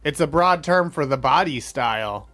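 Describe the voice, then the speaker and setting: A man's voice: on the high side, expressive, moderate pace, a bit bright, no echo, soft background music. A man playing a wisecracking fish emperor. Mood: joking. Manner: joking, wisecracking. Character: male fish emperor, trivia master, goofy. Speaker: show host. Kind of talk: comedy podcast banter.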